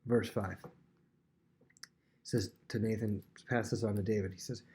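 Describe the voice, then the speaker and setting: A man's voice: on the low side, unhurried. A young man giving a casual, conversational Bible lesson, full of fillers and restarts, acting out the dialogue. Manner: chatty, acts out dialogue with animated voices. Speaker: Bible teacher.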